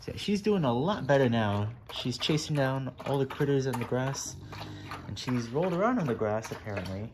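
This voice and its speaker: Man, dog owner, home video; lively sing-song baby talk to pets, mid pitch, noticeable background noise. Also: moderate pace. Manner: playful baby talk to dogs, voice jumping high. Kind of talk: casual home video chat.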